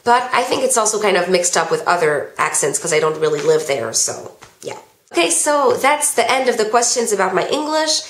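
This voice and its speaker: A teenage girl with a slightly Californian American accent, chatting through a viewer Q&A for her vlog. She reads each question out, then rambles through her answer with plenty of "um" and "like". Her mid-pitched voice carries a roomy echo. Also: big pitch swings, a little fast, slight background noise. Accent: American, Californian-tinged. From France. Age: teens. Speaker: vlogger. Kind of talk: casual Q&A vlog.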